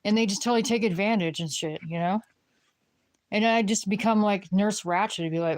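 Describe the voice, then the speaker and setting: A woman's voice: medium pitch, moderate pace. A woman griping in a casual, rambling rant to the camera, swearing freely and filling her talk with "you know what I mean.". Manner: rambling, profane griping, lots of fillers.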